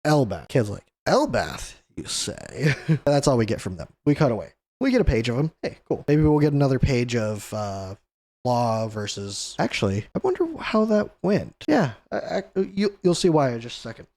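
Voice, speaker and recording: A man's voice: medium pitch, expressive, normal speed, a little mellow. Rambling, chuckling man reviewing a comic. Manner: rambling, chuckles often, acts out the characters. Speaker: host of a manga review channel. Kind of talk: casual chapter review chat.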